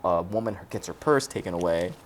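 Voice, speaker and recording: Gushing, animated movie-show co-host. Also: low-pitched, a little fast, slight background noise. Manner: gushing, laughs often while retelling scenes. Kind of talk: casual movie recap chat.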